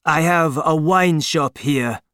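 Reader doing a steady kind shopkeeper man, slightly raised voice, calm comforting manner, audiobook. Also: mid-range voice, slow pace, dry recording, studio quality, voice pushed up. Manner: calm, comforting and plain-spoken. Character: steady, kindly male wine-shop keeper.

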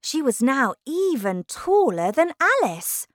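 A woman reads a children's storybook aloud slowly and expressively. Her voice sits fairly high and moves through a wide, lively melody. The sound is close and dry, with no room echo. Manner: slow, expressive, clearly paced reading. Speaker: narrator. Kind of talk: storybook narration.

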